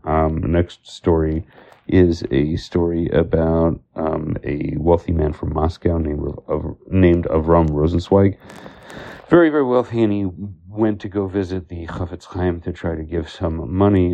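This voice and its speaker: A Torah teacher gives an informal talk in a deep, dark voice with vocal fry, speaking unhurriedly and with fairly even intonation. He tells stories, pauses often for fillers, and uses many Hebrew terms. The recording has a lo-fi quality.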